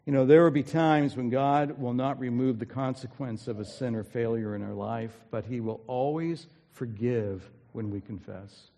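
A man's voice: medium pitch, mellow. A man preaching a sermon as pastor, earnest and emphatic, building energy as he retells a story, recorded in a church sanctuary. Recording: long reverb of a large hall.

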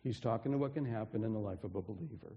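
A pastor preaching a sermon in an earnest way, often restarting phrases and dropping softly for emphasis. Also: male voice, fairly low pitch, very fast, creaky, slightly rough, big-room sound, muffled recording. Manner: earnest, with frequent restarts and soft drops for emphasis.

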